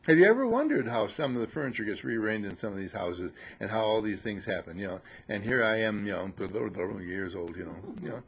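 Male spiritual teacher, gravelly husky voice, lively pitch, teasing and scolding, sermon to disciples. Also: fairly quick, few pauses. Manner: teasing, scolding, mocking laughter.

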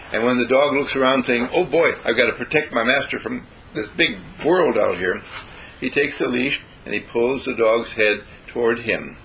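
Male storyteller, animated, acts out quotes, bright tone, faint background noise. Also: medium pitch, poor audio. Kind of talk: storytelling talk with moral.

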